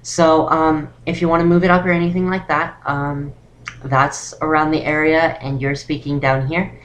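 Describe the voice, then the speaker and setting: Young woman, lowish voice, casual rambling vlog-tutorial delivery. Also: little pitch movement, moderate pace, dull audio, slight background noise. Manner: rambling, full of "um" and "actually". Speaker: voice training vlogger.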